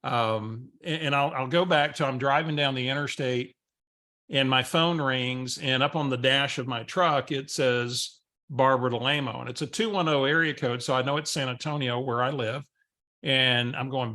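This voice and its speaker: A man's voice: medium pitch, fairly even intonation, normal speed, sharp tone. A man co-hosting a coaching webinar, talking conversationally and acting out bits of dialogue as he tells a story. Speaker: real estate coach, co-host.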